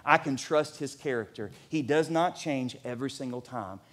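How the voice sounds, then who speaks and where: A pastor in his forties preaching a sermon in a church, animated and at times nearly shouting. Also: medium pitch, normal speed.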